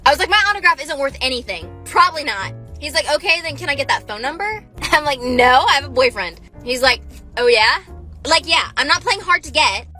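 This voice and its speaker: A young woman talks straight into her phone camera and tells stories in a chatty, animated way, full of "like". Her voice sits high and sounds bright. Faint music plays underneath. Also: a little fast. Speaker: TikTok creator. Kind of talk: casual storytime monologue.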